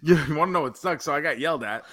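A man's voice: on the high side, rapid-fire, pushed and bright, dry recording, clean studio sound. A man co-hosting a podcast, telling a story in a casual chat, acting out quoted lines and laughing often. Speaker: podcast co-host.

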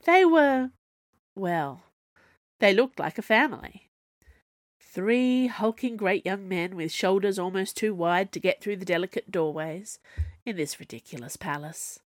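A woman narrating a story aloud in an expressive, wry manner. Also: mid-range voice, unhurried, dry recording, studio quality. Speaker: audiobook narrator.

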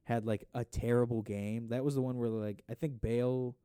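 Young man, mellow rambling chat. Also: medium pitch, little pitch movement, moderate pace, smooth, no room sound, clean studio sound. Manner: rambling, swears a lot, bursts into mock voices. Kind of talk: casual chat while watching football.

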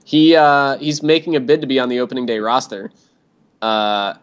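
A man's voice: mid-range voice, moderate pace, clean tone. A man co-hosting a casual sports podcast, talking with dry sarcasm and frequent laughs. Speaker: podcast co-host. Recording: dull lo-fi sound.

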